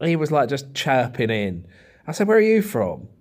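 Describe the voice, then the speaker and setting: A man's voice: mid-range voice, huge pitch swings, moderate pace, a little mellow. A man, co-hosting a casual comedy podcast and telling wry, self-pleased stories from his stand-up gigs. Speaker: co-host, stand-up comic.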